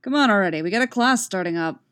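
A gruff grown man who coaches a martial arts class , read by a woman narrator, curt and grumbling. He speaks in short, impatient bursts. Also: mid-range voice, lively intonation, quick pace, a bit bright, close to an everyday voice.

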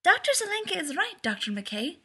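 A woman voicing an excitable young female scientist who speaks politely and eagerly in a storybook reading. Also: extremely high pitch, moderate pace, pitched above the performer's own voice, exaggerated voice. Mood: excited.

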